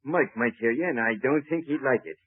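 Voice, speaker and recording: An actor playing a rough, bullying gangster henchman, in 1940s radio acting. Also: medium pitch, fairly quick, dry recording, natural voice. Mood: menacing. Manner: tough, bullying slang talk. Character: rough gangster henchman Slip, adult man. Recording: tinny old radio transcription.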